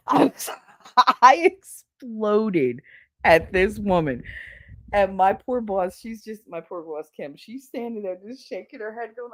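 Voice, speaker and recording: A woman hosting a podcast, telling a story in a blunt, profane, animated way from her home office. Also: fairly high pitch, a little slow. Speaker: podcast host. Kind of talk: casual storytelling.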